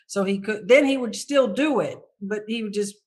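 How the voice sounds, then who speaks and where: Brief: woman interview guest, candid and animated storytelling, mid-pitch voice. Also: normal speed. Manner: animated, reenacts her own past thoughts.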